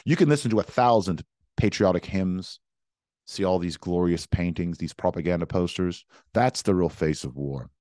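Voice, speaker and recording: A man's voice: low voice, normal speed, warm tone, no room sound, clean studio sound. A young man giving an emphatic history lecture, repeating words and speaking for both sides in first person. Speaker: history teacher.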